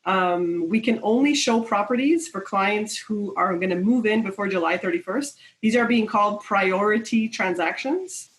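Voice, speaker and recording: A woman's voice: mid-range voice, normal speed, hardly any pauses, low-quality recording. Chatty woman broker from Quebec. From Quebec, Canada. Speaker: real estate broker, guest. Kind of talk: casual webcast talk. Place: home. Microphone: video call.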